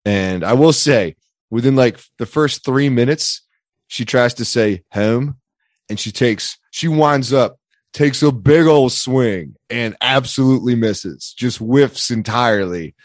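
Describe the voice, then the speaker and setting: A man's voice: medium pitch, measured pace, no room sound, clean studio sound. A man in casual podcast chat, rambling and joking with lots of restarts. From Pennsylvania area. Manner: rambling, jokey, restarts and stumbles. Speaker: podcast co-host.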